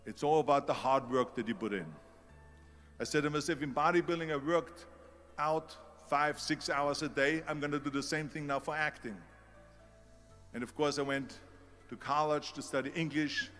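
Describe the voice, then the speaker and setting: A man's voice: on the high side, steady tone, normal speed, fairly bright tone, soft background music. A man with a German accent giving a motivational speech, emphatic and repeating key phrases for effect. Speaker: public speaker.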